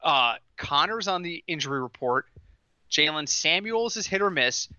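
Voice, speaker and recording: Bright-voiced man telling sports stories. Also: fairly high pitch, normal speed, clean tone, no room sound, dull audio. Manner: animated storytelling, laughing through his lines. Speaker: podcast co-host. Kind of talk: casual podcast chat.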